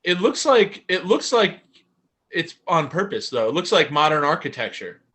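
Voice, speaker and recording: A man with a bright, sharp and fairly high voice trades jokes in casual podcast chat. He pokes fun at himself and teases his co-hosts. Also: big pitch swings, normal speed. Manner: joking, self-deprecating. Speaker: podcast co-host.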